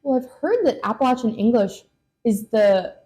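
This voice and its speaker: A woman's voice: on the high side, lively intonation, normal speed, dark tone. A young woman from Lexington, Kentucky, hosting a casual interview and talking in a loose, chatty way full of "like" and "you know.". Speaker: podcast host.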